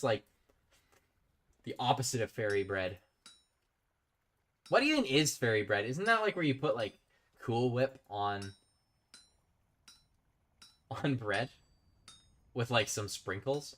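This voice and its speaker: A man's voice: medium pitch, fairly bright tone. A man chatting casually while live-streaming a game, rambling and reading out his chat. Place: home streaming setup.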